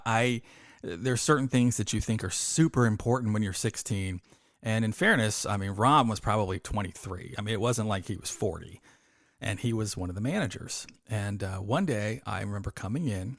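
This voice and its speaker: A man's voice: fairly low pitch, no room sound, studio quality. A man in his fifties, co-hosting a podcast, telling work stories in casual chat and acting out the people he quotes. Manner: animated, acts out quoted voices. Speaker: podcast co-host.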